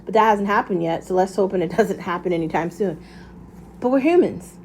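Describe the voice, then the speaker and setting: A woman's voice: mid-range voice, fairly quick, darkish tone, a little hiss or hum. A woman hosting her own show, talking through a casual motivational monologue in a candid, rambling way and swearing freely. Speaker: podcast host.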